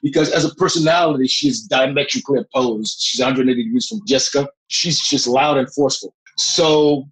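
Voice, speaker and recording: A middle-aged man, a guest actor, telling a long behind-the-scenes story in a lively way, often breaking into laughs. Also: medium pitch, brisk, hardly any pauses, poor audio. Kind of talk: anecdotal storytelling.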